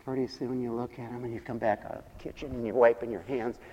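A male pastor giving a lively sermon, acting out the voices of the people in his stories and laughing often. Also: medium pitch, fast. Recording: long reverb of a hall.

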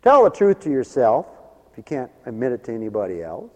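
A man's voice: medium pitch, sing-song, fairly quick, in a large hall. A man preaching a folksy sermon, laughing often between his points.

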